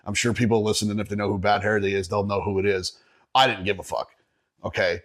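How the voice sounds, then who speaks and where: A middle-aged man with a fairly low voice shares a gig story on a podcast. He talks in a loose, conversational way, swears freely and laughs often as he goes. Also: little pitch movement, fast, fairly bright tone. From Northeastern Pennsylvania. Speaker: podcast guest. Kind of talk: casual storytelling chat.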